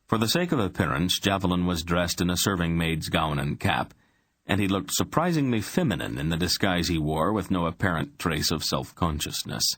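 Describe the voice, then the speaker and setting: A man narrating an audiobook in an expressive storytelling manner. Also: deep voice, normal speed. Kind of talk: scripted narration.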